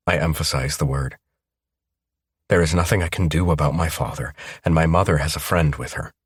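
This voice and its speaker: A man reading a first-person audiobook in a steady, measured way. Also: a bass voice, husky, dry recording, studio quality. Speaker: audiobook narrator.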